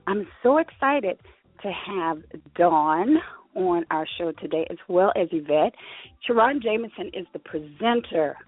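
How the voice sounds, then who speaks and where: A woman's voice: lowish voice, no echo. Breathless bubbly woman host on phone line. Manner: bubbly, excitable, laughs often. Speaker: radio show host. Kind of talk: live internet radio talk show. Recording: phone-line quality, dry.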